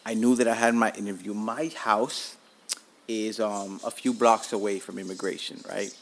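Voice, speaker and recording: A man's voice: fairly low pitch, normal speed, slight background noise. A man hosting his own podcast from home, telling stories casually and animatedly with plenty of swearing. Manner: animated, profane, laughs at himself. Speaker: podcast host.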